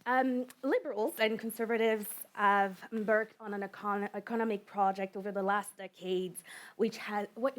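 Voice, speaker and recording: A woman who is losing her voice gives an earnest, halting answer as a candidate at a debate. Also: mid-range voice. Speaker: election candidate. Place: community debate hall.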